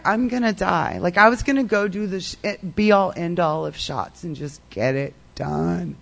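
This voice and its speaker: A woman's voice: fairly low pitch, moderate pace, gravelly, hardly any pauses. A woman telling her personal recovery story in a rambling way, full of "like" and "um". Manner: rambling, heavy use of "like" and "um".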